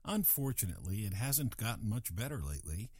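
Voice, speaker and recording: A man's voice: fairly low pitch, big pitch swings, a little fast, darkish tone, dry recording. Dry-voiced older man with a wry comic monologue. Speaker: comedic host.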